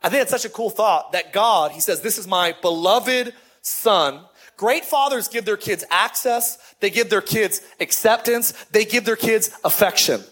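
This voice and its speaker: A middle-aged man, a lead pastor, preaching a sermon in a lively, conversational way with repeated phrases. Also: sits high, moderate pace, few pauses, husky.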